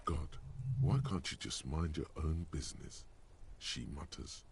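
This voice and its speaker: A man's voice: very deep voice, unhurried, gravelly, slight background noise, exaggerated voice. A man voicing the sardonic, commanding inner voice of a male detective in a video game.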